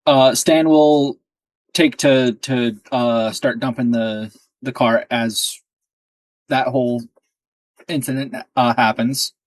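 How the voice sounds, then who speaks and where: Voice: medium pitch, fairly even intonation, slow, long pauses, no room sound, low-quality recording. Hesitant player, lots of likes and uhs, dry sound. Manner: hesitant, searching for words. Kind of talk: casual tabletop play.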